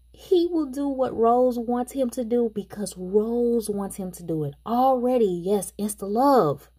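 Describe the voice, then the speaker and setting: A woman's voice: mid-range voice, animated, takes it slowly, a little mellow, husky. A woman casually recapping a movie plot and chatting her opinions straight to the viewers. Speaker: movie reviewer.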